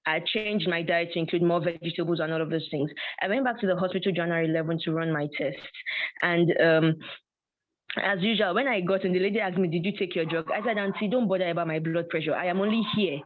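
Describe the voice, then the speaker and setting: A woman telling a personal testimony in an animated way, acting out dialogue and often laughing. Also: on the low side, fairly quick. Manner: animated storytelling with frequent laughs and quoted dialogue. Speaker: guest sharing a personal testimony. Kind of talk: storytelling testimony. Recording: tinny phone-like audio.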